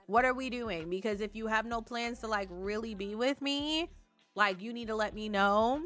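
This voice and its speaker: A young woman hosting a gaming channel, talking slangy and profane in a high, bright voice. Soft music runs under her casual commentary. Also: moderate pace.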